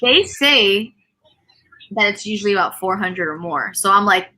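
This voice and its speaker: A woman's voice: mid-range voice, expressive, normal speed, sharp tone, slight background noise. A woman hosting a casual live video-call chat, talking in rambling restarts and laughing often. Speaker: host; teacher.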